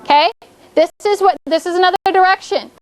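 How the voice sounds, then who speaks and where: A woman's voice: very high voice, a little fast. A woman teaching a spelling lesson to a class of children, checking in often with "okay?" and giving step-by-step directions. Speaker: elementary school teacher.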